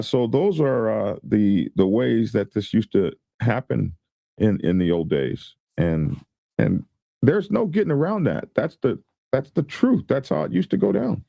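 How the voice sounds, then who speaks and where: A man's voice: medium pitch, vocal fry, no room sound, lo-fi sound. A man hosting a show, giving rambling casual commentary and reading viewer comments aloud. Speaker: host.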